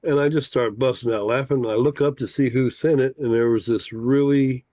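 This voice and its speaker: A man's voice: mid-range voice, fairly even intonation, a little fast, warm tone, no echo. A man hosting a casual livestream talk show as a fishing guide, folksy and rambling, with lots of "uh" fillers.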